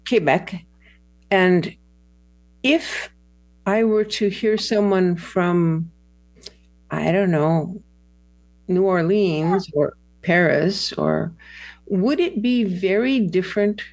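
A woman's voice: lowish voice, takes it slowly, pauses often, a little mellow, no echo. A woman hosting a casual interview, curious and playful as she asks questions.

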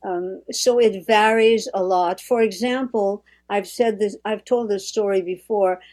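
A woman from Quebec with a French-Canadian accent speaks a little slowly in a medium-pitched, darkish voice with fairly even intonation. In casual conversation, she reflects on language and often repeats words as she starts a sentence.

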